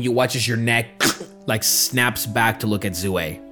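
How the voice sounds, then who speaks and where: A man running a tabletop game, narrating with slow, dramatic emphasis in a mid-pitched voice. Light music plays faintly underneath. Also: pushed and bright. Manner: slow, dramatic scene-setting. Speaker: game master.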